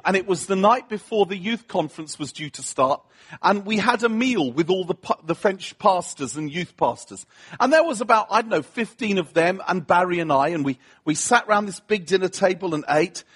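A British man preaching a humorous sermon, telling a story with self-mocking asides in an animated way. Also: sits high, normal speed, husky. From Britain.

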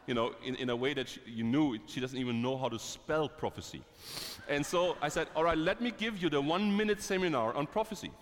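A man, a missionary preacher telling stories in a sermon, lively and chuckling, dropping from bright to hushed. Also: a little high, fairly quick, a little hiss or hum. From Germany. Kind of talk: sermon with personal storytelling. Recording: long hall reverb.

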